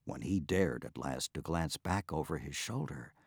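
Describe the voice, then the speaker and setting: A man reading a storybook aloud in an expressive, unhurried way. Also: very deep voice, gravelly, husky, no room sound, studio quality. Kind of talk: storybook narration.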